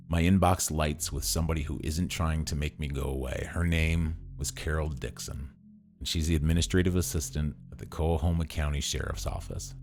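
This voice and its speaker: A man's voice: extremely low pitch, darkish tone. A man narrating his own story in a scripted podcast style, wry and dramatic, with punchy turns of phrase.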